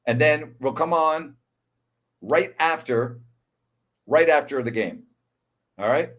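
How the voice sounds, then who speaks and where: A man's voice: on the high side, slow pace, long pauses. Wound-up sports host man in his sixties. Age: 60s. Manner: wound up and excitable, repeats himself. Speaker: sports talk show host. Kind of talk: live show, chat with calls of a basketball game.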